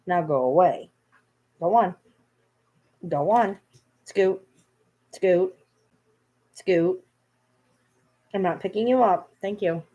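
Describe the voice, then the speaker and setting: A woman's voice: lowish voice, slow pace, long pauses, dark tone, highs cut off. A woman vlogging casually at home, playfully scolding her dogs in a baby-talk tone. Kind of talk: casual vlog chat.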